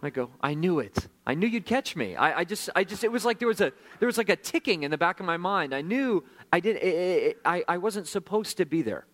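A man preaching a sermon, telling his own story in a conversational, self-deprecating way, swinging from hushed, slow moments to animated bursts. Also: high voice. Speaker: pastor.

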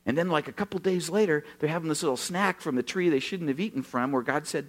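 A pastor in his sixties from Oregon, USA, speaks in a slightly high voice at a quick pace with few pauses. Preaching a sermon, he tells animated stories, acts out the dialogue and jokes with the congregation.

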